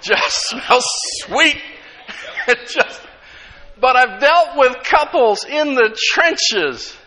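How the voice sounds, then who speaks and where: A middle-aged man, preaching a sermon as a pastor, lively and full of laughs and acted-out voices. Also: very high voice, drawn-out words, slight background noise.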